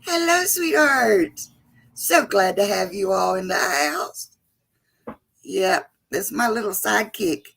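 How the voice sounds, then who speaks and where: Slow-talking, gravelly-voiced woman host. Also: medium pitch, animated, a bit bright. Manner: chatty, greets viewers by name with endearments. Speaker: livestream host. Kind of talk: casual livestream chat.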